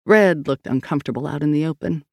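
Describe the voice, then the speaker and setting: Brief: male audiobook reader, even delivery, dry studio sound. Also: a little high, quick pace, vocal fry, no echo. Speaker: narrator. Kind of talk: audiobook narration.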